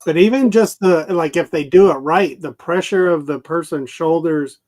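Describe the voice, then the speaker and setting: A man's voice: on the high side, normal speed, darkish tone. A man co-hosting a live stream, chatting casually about his favorite wrestling moves in an easygoing, nostalgic way. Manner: easygoing, nostalgic, chuckles often. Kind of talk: casual chat.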